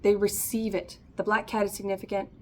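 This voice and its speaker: A woman's voice: mid-range voice, level tone, a little fast, a little hiss or hum. A woman giving a casual, chatty tarot reading to camera, encouraging and often laughing. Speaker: tarot reader.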